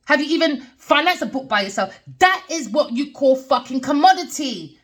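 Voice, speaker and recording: A middle-aged woman rants in a blunt, heated monologue, swearing freely. She reads tarot and talks straight at the listener. Her voice sits a little high for a woman. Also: fairly bright tone, husky. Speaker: tarot reader. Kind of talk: ranting personal monologue.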